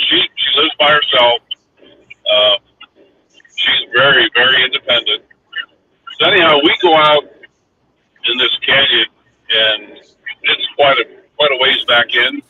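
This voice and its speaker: A man's voice: medium pitch, normal speed, long pauses. A man hosts a live stream and spins a long, rambling story, full of fillers and small restarts. His voice sits in an ordinary middle register. It comes through thin and phone-like, as if heard from across a room, with a light hiss under it. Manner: rambling, anecdotal, many fillers. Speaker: livestream host. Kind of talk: casual storytelling chat. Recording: distant tinny phone-like line with faint hiss.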